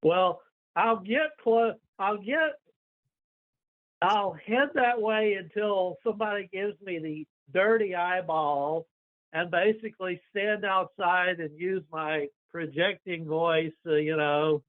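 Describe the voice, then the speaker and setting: A man playing a tabletop game, talking in a halting way as he thinks aloud. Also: high voice. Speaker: player. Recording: tinny phone-like line.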